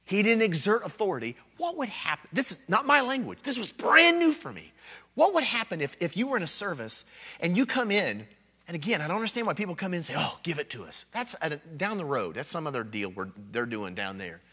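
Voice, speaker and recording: A man preaching a revival sermon as an evangelist, earnest and self-deprecating, dropping to hushed storytelling and rising to loud emphatic bursts. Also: sits high, sing-song, a little fast, husky.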